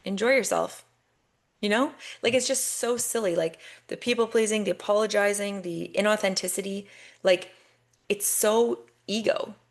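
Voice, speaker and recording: With a mid-range voice and a moderate pace, the young female podcast host pushes her motivational message hard. Profanity flows easily, and she repeats lines for punch.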